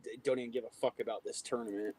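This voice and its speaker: A man's voice: mid-range voice, steady tone, racing, warm tone. A man co-hosting a casual livestream chat, talking crudely and swearing often. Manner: crude, profane, laughing often. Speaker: podcast co-host.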